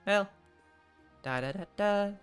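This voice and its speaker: A man's voice: high-pitched, animated, slow pace, smooth, soft background music. A man hosting a game stream, chatting casually and reading game text aloud with frequent laughs and dry asides.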